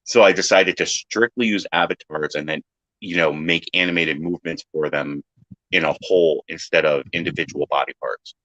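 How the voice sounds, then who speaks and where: A man in casual chat who tells animated stories, acting out other people's lines in silly high voices and swearing freely. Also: normal speed, dry recording. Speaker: podcast panelist. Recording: dry, dull lo-fi sound.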